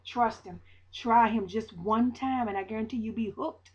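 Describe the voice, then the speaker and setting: A woman's voice: fairly high pitch, normal speed, slightly rough, highs cut off. A woman giving a casual spoken faith testimony to viewers in Southern US vernacular, preachy, repeating her lines for emphasis. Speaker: vlogger sharing a faith testimony.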